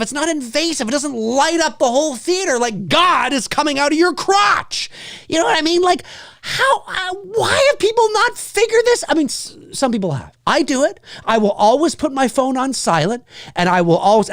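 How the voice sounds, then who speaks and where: A man in his forties hosting a live show, ranting casually and with exasperation, mimicking the shouts of others. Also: very high-pitched, no room sound, studio quality. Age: 40s. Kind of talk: casual live-stream rant.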